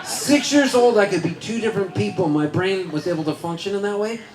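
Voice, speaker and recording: A man's voice: high-pitched, brisk, noisy background. A man performing live on stage, chatting with the crowd between songs in a goofy, rambling, self-mocking way, often laughing. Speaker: singer-songwriter performing live. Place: winery concert venue, live audience. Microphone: stage vocal microphone. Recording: roomy live concert with guitar.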